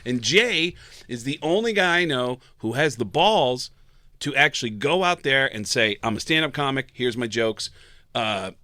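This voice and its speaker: A man's voice: medium pitch, moderate pace, no room sound, clean studio sound. A man, a guest comedian, telling stories in a casual podcast chat and acting out the people in them. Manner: animated storyteller, acts out quotes.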